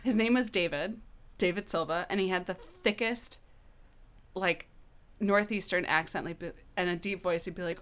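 A woman in her thirties tells a personal story in a relaxed, open way, dropping casual swear words. Her voice is fairly low and sounds smooth and clean. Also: moderate pace. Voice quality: candid, animated, swears casually. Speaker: guest.

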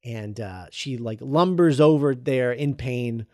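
A man's voice: medium pitch, dry recording. A man in casual podcast chat, retelling a film scene by scene with frequent ums and stalls. His voice sits in a middling register. The recording is very dry, with no room sound. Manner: halting, full of ums and uhs, reads quoted lines flatly.

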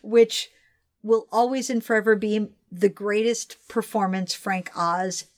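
A woman's voice: mid-range voice, fairly even intonation, a little slow. A young adult woman co-hosting a casual film chat, enthusiastic and swearing casually. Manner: enthusiastic, swears casually, acts out movie bits. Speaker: podcast co-host.

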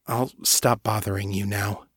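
A man's voice: on the low side, fairly even intonation, measured pace, a bit bright, husky, no room sound, studio quality. A man voicing an awkward young man with godlike powers, stammering and apologetic.

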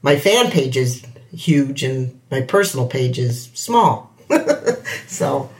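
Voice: mid-range voice, animated, slow pace. A host chatting in an easygoing, conversational way during an interview. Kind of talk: casual interview chat.

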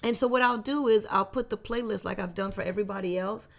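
A woman hosting a podcast in casual chat, enthusiastic and full of quick restarts. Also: mid-range voice. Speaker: podcast host.

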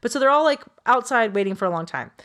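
A woman co-hosting a podcast, telling a true crime case in a chatty, animated way with quoted voices and quick self-corrections. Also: a little high. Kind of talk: casual storytelling chat.

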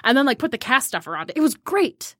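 Chatty woman guest, bright lively voice, dry close sound. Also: sits high, quick pace, breathy edge, dry recording. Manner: chatty storyteller, laughs often. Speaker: podcast guest. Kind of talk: casual chat.

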